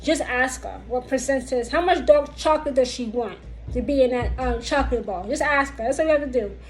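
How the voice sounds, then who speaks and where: Her voice sits high, and the audio is poor, as this woman vlogger walks viewers through witchcraft lore. She speaks to them directly, casually yet slowly and emphatically, restating her points repeatedly.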